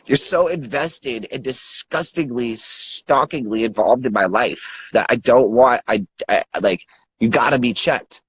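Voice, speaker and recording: A man's voice: medium pitch, unhurried, a bit bright, slightly rough, low-quality recording. An angry man in his thirties ranting with lots of swearing and stammered repeats. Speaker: guest. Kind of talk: angry rant.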